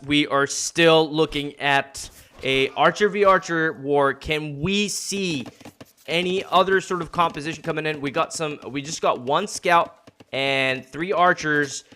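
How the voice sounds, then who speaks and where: A man's voice: a little high, bright, forceful tone. A man streaming from home, casting a strategy-game match with loose, jokey commentary that rambles and restarts. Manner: rambling, jokey, laughs often. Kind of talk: casual live game commentary.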